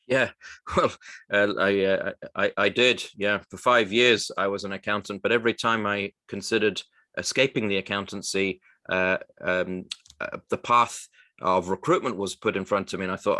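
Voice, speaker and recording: A deep-voiced man talking through his working life as a guest on a radio show. He pauses and restarts often, in a thoughtful, unhurried way. The sound is dry and close, with no room around it. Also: fairly even intonation, pushed and bright, no room sound. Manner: halting, reflective, restarts often. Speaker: guest, recruitment firm co-founder. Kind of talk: radio interview, personal story.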